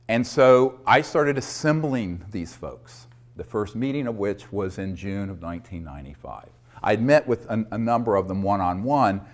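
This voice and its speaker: An older man from North Carolina, telling anecdotes to an audience and animated when quoting others. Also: fairly low pitch. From North Carolina, USA. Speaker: speaker recounting his disclosure work. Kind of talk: storytelling talk to an audience.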